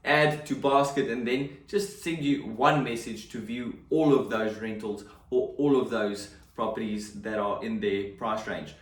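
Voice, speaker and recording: A man who works as a real estate agent, explaining his sales method in a chatty, emphatic way with joking asides. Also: medium pitch. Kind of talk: casual explainer to camera. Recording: echoey room, mic at a distance.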